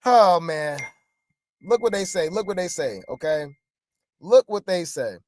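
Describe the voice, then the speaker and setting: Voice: medium pitch, animated, a little slow, a little mellow, no room sound. A gossip commentary host talking casually and rambling, with many fillers. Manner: rambling, lots of fillers and restarts.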